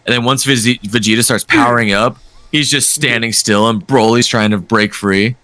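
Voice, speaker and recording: A young man in casual chat as a podcast co-host, lively and agreeable, laughing and swearing often. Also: medium pitch, normal speed.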